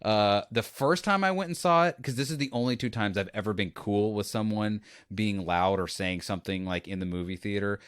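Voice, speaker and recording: A man with a fairly low voice hosts a casual podcast, spinning animated anecdotes and slipping into little acted-out bits. The sound is dry and close, with no room around it. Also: clean tone, no room sound. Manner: animated storyteller, acts out scenes. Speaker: podcast host.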